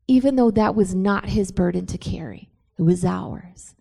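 A young adult woman giving a personal faith testimony to a young audience, moving from quiet storytelling into impassioned, rising preaching. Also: mid-range voice, fairly even intonation, slow, gravelly, breathy edge. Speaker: speaker at a youth church event.

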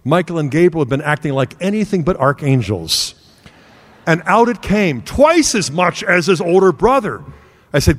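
A middle-aged man preaches to a room in an earnest, storytelling way, acting out bits of family dialogue. His voice sits a little high for a man. Long reverb from the hall trails after each phrase. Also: big pitch swings, moderate pace. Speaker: speaker giving a talk. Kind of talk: sermon-style talk with personal story.

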